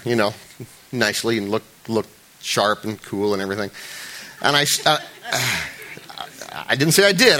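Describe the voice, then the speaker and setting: In this sermon, the pastor addresses his congregation like he's having a conversation, joking around and often beginning sentences again. When he emphasizes something, he rises in both volume and pitch.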